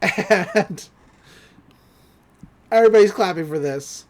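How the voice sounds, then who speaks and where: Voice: mid-range voice, slow. A podcast host recapping a cartoon episode in casual chat, laughing often and acting out the characters' lines.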